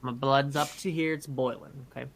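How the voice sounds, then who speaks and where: A young man co-hosting a casual podcast, telling a story in an animated way with some swearing. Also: mid-range voice, moderate pace, vocal fry, slight background noise. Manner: animated, swears, acts out quoted voices. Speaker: podcast co-host.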